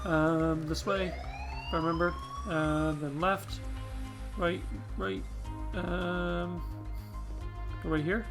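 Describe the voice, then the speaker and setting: A man's voice: on the high side, fairly even intonation, slow, pauses often. A man hosting a let's play, reading game text aloud and chatting wryly to himself, swearing now and then. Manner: wry, swears casually, mutters to himself. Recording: with faint game music behind.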